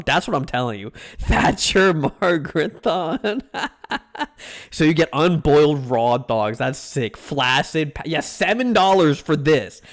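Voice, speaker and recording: A young man streaming, reacting to food with casual, mock-outraged rants and plenty of swearing. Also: on the high side.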